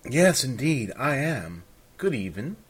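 A man's voice: mid-range voice, big pitch swings, takes it slowly, slightly rough, pitched above the performer's own voice, full character voice. A man doing a flustered, charming young bard. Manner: florid, apologetic, evasive.

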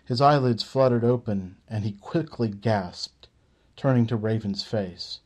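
Male audiobook narrator; measured, unhurried fantasy storytelling. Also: fairly low pitch, a little mellow.

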